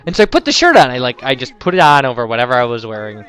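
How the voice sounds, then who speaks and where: A man's voice: mid-range voice, wildly swooping pitch, racing, fairly bright tone, smooth, soft background music. A young man from the United States casually commentating gameplay and rambling through personal stories. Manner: rambling, chatty storyteller. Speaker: let's play commentator.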